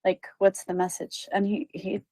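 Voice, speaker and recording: Woman telling a medium story, lots of um and like, mellow low-ish tone, dry close sound. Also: completely flat delivery, moderate pace, dry recording, rough recording. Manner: chatty, many fillers and quoted voices. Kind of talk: casual storytelling.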